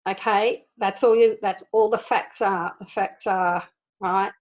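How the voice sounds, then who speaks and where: A woman leading an online group in an informal spiritual talk, earnest and animated, laughing often as she explains. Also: mid-range voice, measured pace, dull audio. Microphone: video call.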